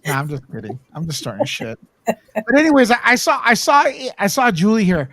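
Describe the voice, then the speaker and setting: A male livestream host chatting casually with guests, full of teasing jokes and loose swearing. His pitch leaps around animatedly, and the sound is dry and close to the mic. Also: huge pitch swings, fairly quick, a bit bright, no echo. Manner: joking, teasing, swears freely.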